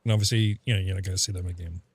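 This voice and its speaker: A man's voice: sits low, fairly even intonation, very fast, breathy edge, dry recording. A man chatting casually on a game stream, telling rambling, sweary stories full of fillers. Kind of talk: casual live-stream chat.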